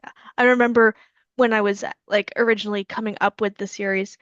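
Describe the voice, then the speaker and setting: An American woman hosts a relaxed interview as an author, asking friendly questions and giving short nods of agreement. Her voice is mid-pitched. The audio is dry and a little muffled, like a video call. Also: fairly quick, dry recording. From United States. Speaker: author and host. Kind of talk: casual interview chat.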